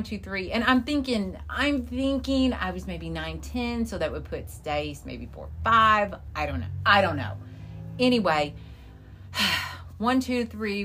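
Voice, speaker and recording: Animated middle-aged woman telling stories. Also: mid-range voice, a little hiss or hum. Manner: animated storyteller, acts out quotes. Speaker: podcast co-host. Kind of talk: casual storytelling chat.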